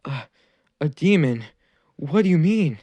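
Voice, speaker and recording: A man's voice: a little high, animated, slow, warm tone, dry recording, highs cut off, voice pushed up. A man voicing a young outcast boy ninja who pleads and stammers in a fan-made anime story. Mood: distraught.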